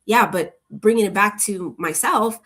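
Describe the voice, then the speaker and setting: A woman chatting casually with her viewers, rambling from one thought to the next in a relaxed, upbeat way. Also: medium pitch, measured pace, slightly rough. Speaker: channel host.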